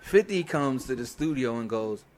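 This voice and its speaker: In a casual interview, a man with a mid-range voice and moderate pace tells studio stories from his work as a record producer, with a little hiss or hum in the audio. He's from New York, swears freely, and brings the stories to life by acting out the people in them.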